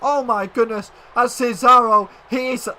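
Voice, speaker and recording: A man giving excited play-by-play commentary on a wrestling video game, often shouting and addressing the audience as ladies and gentlemen. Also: very high-pitched, measured pace, slight background noise.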